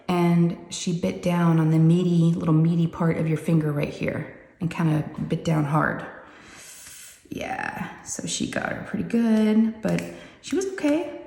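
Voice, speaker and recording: Chatty woman, low and mellow. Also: creaky. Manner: rambling and chatty, full of "you know" asides. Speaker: craft channel host. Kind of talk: casual chatty vlog storytelling. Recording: roomy echoey room.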